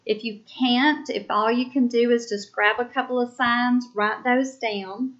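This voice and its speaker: A woman teaching a sign language class, calling out quiz items slowly and deliberately, then explaining each sentence. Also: on the high side, fairly even intonation, a bit bright. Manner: slow, deliberate, spells out each item. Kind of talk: slow classroom quiz dictation. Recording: dull lo-fi recording.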